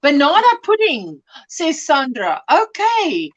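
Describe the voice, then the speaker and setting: A chatty South African woman hosts a relaxed crafting livestream, greeting viewers one by one. Her voice sits high and moves around a lot. The sound is a little dull and lo-fi. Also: slow pace. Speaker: livestream host. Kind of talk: casual chat on a crafting livestream.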